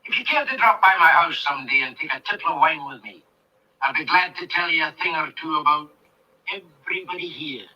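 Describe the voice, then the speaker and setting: An actor playing a pompous, litigious older country gentleman who rolls his r's, in 1930s film acting. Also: fairly high pitch, lively intonation, a little fast. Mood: indignant. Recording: distant old film soundtrack, faint hiss.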